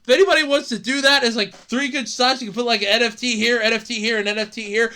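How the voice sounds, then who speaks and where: A podcast host ranting alone on a show, excitable and profane, laughing often and jumping between loud outbursts and mumbled asides. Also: mid-range voice, fast, few pauses. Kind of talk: solo podcast rant.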